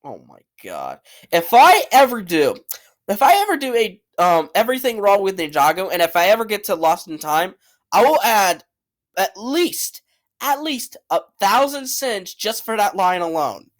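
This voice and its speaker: His voice sits high and sing-song at a moderate pace as he hosts a channel ranking cartoon characters. The commentary is casual and opinionated, blunt and rambling, full of swearing and repetition.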